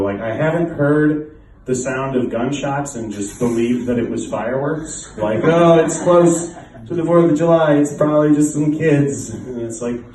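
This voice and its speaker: A man's voice: mid-range voice, mellow. An American man performing a stand-up comedy set in a club, telling stories in a dry, self-deprecating way. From United States. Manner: dry, self-deprecating storytelling with quoted exchanges. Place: comedy club in front of a live audience. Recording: roomy club sound from a distant mic.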